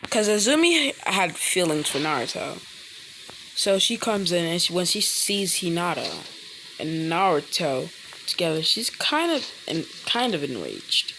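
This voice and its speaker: A woman's voice: lowish voice, very animated, measured pace, noisy background. A woman improvising a fan story in a rambling way, often correcting herself, while food sizzles in a pan in her kitchen. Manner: rambling, frequent self-corrections. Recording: frying food sizzling behind.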